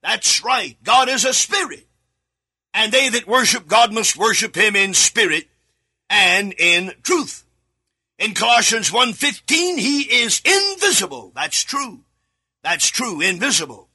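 A man preaching a sermon alone in a studio, reading scripture aloud and repeating key words, sometimes breaking into shouts. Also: high-pitched, expressive, measured pace, slightly rough. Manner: reads scripture aloud with verse references.

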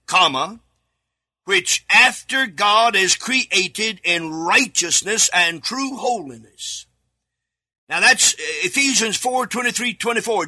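A man preaching a sermon alone in a studio, reading scripture aloud and repeating key words, sometimes breaking into shouts. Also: high voice, husky. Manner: reads scripture aloud with verse references.

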